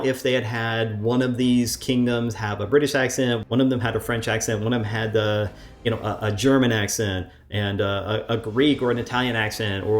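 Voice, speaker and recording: A man's voice: mid-range voice, darkish tone. Male commentator, mid-range voice, argumentative, reads an article aloud and rebuts it line by line, faint music bed underneath. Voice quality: frequent fillers and self-corrections. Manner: argumentative, talks back at the writer, emphatic rhetorical questions. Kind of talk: reaction commentary, reading aloud and arguing back.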